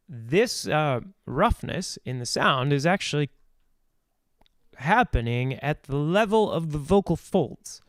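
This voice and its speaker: Dry, clear-voiced man explaining vocal technique. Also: a little high, no echo. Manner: explanatory, thinking aloud with restarts, sings vowel demonstrations. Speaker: voice teacher. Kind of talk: live-streamed vocal technique talk.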